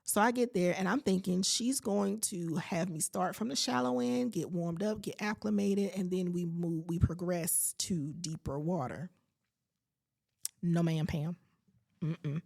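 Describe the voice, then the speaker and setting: Gravelly-voiced woman telling her story. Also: on the low side, unhurried. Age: late 40s. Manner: animated storyteller who acts out her own reactions; faith-filled, preacherly asides. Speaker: podcast host. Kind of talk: personal storytelling podcast.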